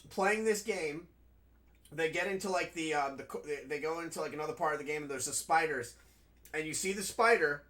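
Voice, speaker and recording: A man's voice: on the high side, pushed and bright. A man playing a video game and chatting casually, rambling and frank, with frequent swearing. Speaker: gaming streamer. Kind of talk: casual commentary while playing.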